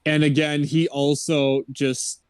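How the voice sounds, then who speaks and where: A man's voice: a little high, level tone, takes it slowly, clean tone, no room sound, clean studio sound. A man co-hosting a podcast, casually rambling through a movie plot and mimicking the characters. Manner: rambling plot recap with mock character quotes. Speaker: podcast co-host. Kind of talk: casual movie review chat.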